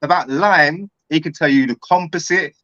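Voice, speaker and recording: A middle-aged man talks earnestly in a casual chat, heartfelt and full of slang. His voice is bright and fairly high, and the sound is dry and a bit dull, as if the audio were lo-fi. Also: moderate pace, dry recording.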